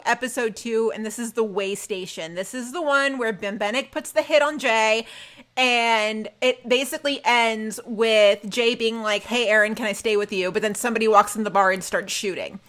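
A woman co-hosting a casual fan chat, gushing and animated, swearing casually. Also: on the high side. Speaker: podcast co-host.

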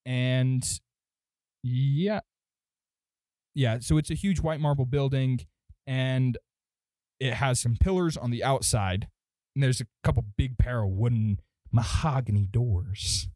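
A man narrating as dungeon master, relaxed and rambling, with fillers and self-corrections. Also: medium pitch, slow, pauses often, no room sound. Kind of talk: narrating a tabletop game.

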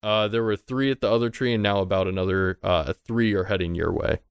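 A man's voice: lowish voice, brisk, smooth, no echo, studio quality. A man narrating a tabletop game as game master, in a loose, conversational way and casually swearing.

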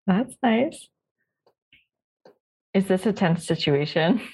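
A woman's voice: medium pitch, lively intonation, slow pace, darkish tone, husky. A woman playing a tabletop role-playing game who asks short questions in a casual tone. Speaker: player.

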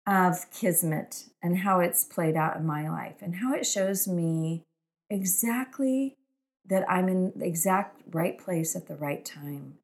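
A middle-aged woman, an author, telling inspirational stories in an earnest, emphatic way, piling up repeated phrases. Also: mid-range voice. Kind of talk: inspirational storytelling monologue.

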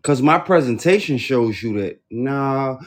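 A man guest-hosting a podcast, making his points slowly and deliberately in a preacher-like way during a heated casual debate. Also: mid-range voice, lively intonation. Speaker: guest host.

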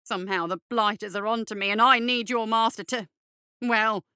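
A man's voice: high-pitched, fairly even intonation, moderate pace, pushed and bright, smooth, dry recording, clean studio sound. A woman voicing a thin, cowardly, foppish male bureaucrat in an audiobook, whiny, pompous and fussy. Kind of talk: audiobook character voice.

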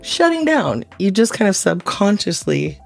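A woman's voice: mid-range voice, measured pace, vocal fry, no echo, soft background music. A woman talking casually as a guest and telling stories with lots of "like" fillers. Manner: chatty, many "like" fillers, animated storytelling. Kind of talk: casual conversation.

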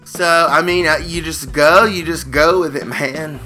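A man co-hosting a comedy podcast, riffing on improvised scenarios with playful, drawn-out storytelling. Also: pushed and bright, soft background music. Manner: playful, drawn-out storytelling with sudden jumps in pitch. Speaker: podcast co-host.

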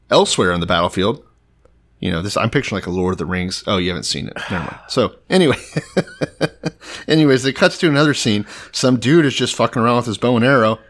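A man from Texas co-hosts a comedy podcast, telling a Bible story in a casual, profane, animated way. His voice sits a little low for a man, and he often breaks into laughter. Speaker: podcast co-host.

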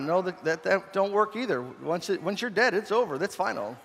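A man with a fairly high voice preaches from the pulpit as a pastor, in a relaxed and humorous storytelling manner. His self-deprecating asides keep it conversational, and his voice rings out with a long reverb in a large church hall. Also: a little fast, vocal fry, husky. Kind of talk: storytelling sermon.

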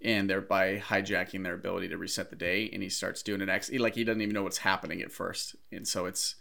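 A man's voice: deep voice, little pitch movement, fast talker, gravelly, sharp tone. A man co-hosting a podcast, casually talking through a film and picking apart its plot details. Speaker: podcast co-host. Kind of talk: casual movie discussion.

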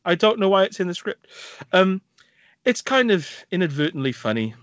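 A man co-hosting a film podcast, recapping films with animated delivery and laughter. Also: high voice, normal speed, no echo, lo-fi sound. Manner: animated, laughs and acts out scenes. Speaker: podcast co-host. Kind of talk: casual film review chat.

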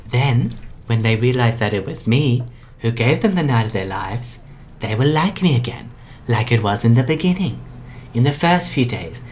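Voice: medium pitch, animated, moderate pace, darkish tone, slight background noise, lightly acted. A performer as Spooky, a grandiose schemer. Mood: scheming. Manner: rambling, wheedling, grandiose. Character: eccentric scheming party planner, grandiose. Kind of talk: improvised comedy audio play.

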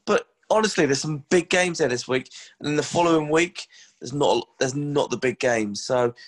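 A man's voice: on the high side, normal speed. A man co-hosting a sports podcast, talking bluntly and earnestly. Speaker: podcast co-host. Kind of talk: casual sports podcast chat.

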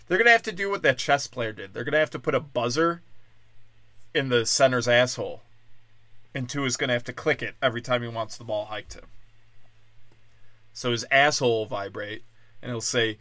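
A man's voice: mid-range voice, lively intonation, fairly quick, long pauses, no room sound. Drunk man ranting on a podcast. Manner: crude, rambling, swings between loud outbursts and mutters. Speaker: podcast host. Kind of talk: unscripted solo comedy podcast rant.

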